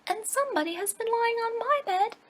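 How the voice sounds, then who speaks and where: A woman voicing a tiny bear cub with a shrill, piping voice. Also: animated, brisk, noisy background. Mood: indignant. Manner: loud, piping and very high.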